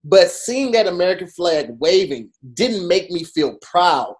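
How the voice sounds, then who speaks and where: A man co-hosting a podcast, talking in an animated, emphatic way full of fillers. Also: sits high, a little slow. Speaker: podcast co-host. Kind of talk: casual chat.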